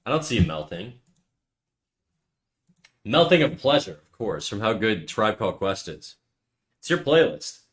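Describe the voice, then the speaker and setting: A man streaming while he draws, chatting casually and teasing, dropping into quiet mumbled asides between jokes. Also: on the low side, very animated, unhurried, pauses often. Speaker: livestreaming artist.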